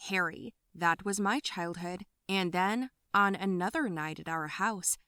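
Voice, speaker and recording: Woman narrator for an animated story, first-person, confessional, bright, dry close mic. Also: mid-range voice, no room sound.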